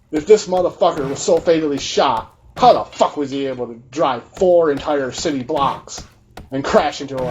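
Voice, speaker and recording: A man's voice: a little high, darkish tone, a little hiss or hum. A man giving a combative, profanity-heavy ranting commentary over gameplay, full of mocking rhetorical questions. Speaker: gaming video creator.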